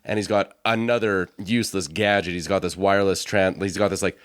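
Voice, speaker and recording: A man's voice: sits low, fairly even intonation, brisk, no room sound. A man co-hosting a podcast, loosely retelling a movie plot in casual chat with lots of "like" and laughter. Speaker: podcast co-host.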